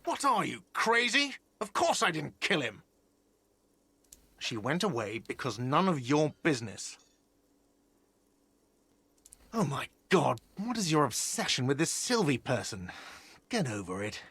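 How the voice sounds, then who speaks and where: An actor playing an irritable, defensive cafeteria manager in a video game, snapping with exasperation. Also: male voice, fairly high pitch, big pitch swings, pushed and bright, breathy edge, no room sound, full character voice. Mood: exasperated. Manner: snappish, exasperated, quick to take offense. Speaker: game character. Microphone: studio voice-over.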